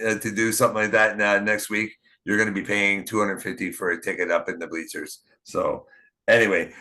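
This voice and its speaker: A man from Canada hosting a podcast, talking in a casual, rambling way with many fillers and halting restarts. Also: low-pitched, fairly even intonation, sharp tone. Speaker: podcast host. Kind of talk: casual interview chat. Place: small town.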